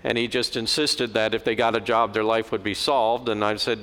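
A man's voice: lowish voice, a little fast, hardly any pauses. Guy giving a chatty sermon, tells stories, long echo in the church. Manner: conversational, animated storytelling. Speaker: preacher. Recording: long hall reverb.

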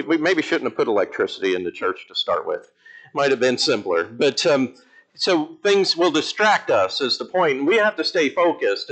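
A man who is an Episcopal priest, preaching a lively, emphatic sermon in church with humorous asides. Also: mid-range voice, poor audio.

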